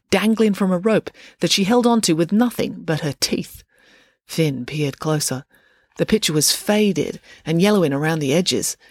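A woman's voice: lowish voice, darkish tone, no room sound, clean studio sound. Woman reading a children's story aloud. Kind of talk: storybook read-aloud narration.

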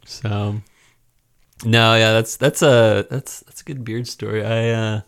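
Laid-back lowish-voiced young man. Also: steady tone, takes it slowly, vocal fry, a bit bright, clear, resonant tone. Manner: laid-back, hesitant, lots of fillers. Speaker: podcast co-host. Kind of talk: casual podcast chat. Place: small closet used as a home studio.

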